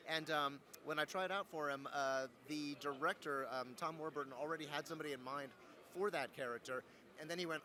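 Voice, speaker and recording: Fairly high in pitch and a little fast, this young man is a voice actor guest in a relaxed interview. He spins stories with a playful, joking energy, animated throughout.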